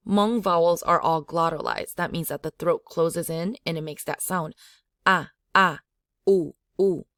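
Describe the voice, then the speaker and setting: A woman's voice: low voice, moderate pace, no room sound. Woman language teacher, dry close sound, repeats the sounds to demonstrate them. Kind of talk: slow spoken language lesson.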